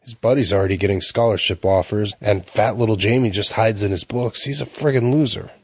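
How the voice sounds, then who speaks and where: A man's voice: on the low side, fairly quick, darkish tone, husky, no room sound. A man voicing a sneering, athletic teenage boy who bullies his brother in a storybook reading. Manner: sneering, mocking.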